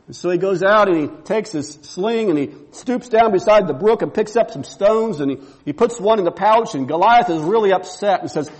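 A man's voice: high voice, lively intonation, a little fast, few pauses. A man pastor preaching a sermon, repeating emphatic rhetorical questions.

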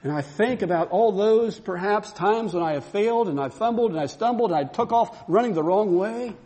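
A man's voice: sits high, lively intonation, fairly quick, mellow. A man preaching a sermon, telling a story and building to fervent, repeated exclamations.

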